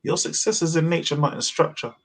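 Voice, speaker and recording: A man performing spoken word poetry at a virtual open mic, with measured, rhythmic delivery and heavy wordplay, heard over a video call. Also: fairly high pitch, vocal fry.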